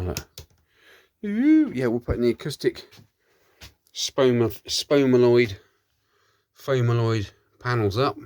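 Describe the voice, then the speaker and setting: A man, chatting casually and rambling with cheeky asides while he works in his home workshop. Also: lowish voice. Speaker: workshop vlogger. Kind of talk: casual chat while working.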